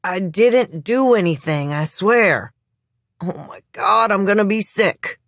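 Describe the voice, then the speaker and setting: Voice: medium pitch, sing-song, measured pace, a bit bright, no echo, pitched above the performer's own voice. A narrator voicing a scruffy, weepy male suspect with a slight Southern accent who pleads and whines when cornered. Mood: panicked. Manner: whining, pleading.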